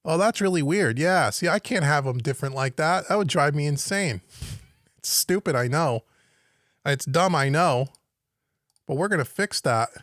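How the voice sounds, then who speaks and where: A man's voice: a little high, lively intonation, moderate pace, fairly bright tone, dry recording. Man thinking aloud in a dry studio. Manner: thinking aloud, musing and puzzling over the screen. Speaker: home recording teacher. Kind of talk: live-stream software walkthrough. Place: home studio.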